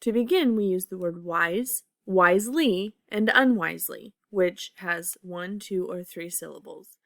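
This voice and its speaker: A woman teacher reading out lesson instructions to students, slow, clear and deliberate. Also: fairly low pitch, no room sound. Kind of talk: recorded classroom lesson instructions.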